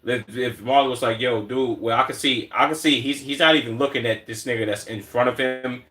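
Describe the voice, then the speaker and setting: Man from Chicago, mid pitch, blunt and profane; off-mic streaming commentary. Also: steady tone, brisk, pushed and bright, recorded from a distance. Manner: blunt, profane, repeats words, emphatic asides. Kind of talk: live reaction commentary.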